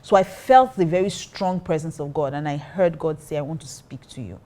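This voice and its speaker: A woman's voice: deep voice, brisk, dark tone. A woman pastor telling a personal story in casual talk, acting out her own reactions. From Nigeria. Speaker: pastor and co-host.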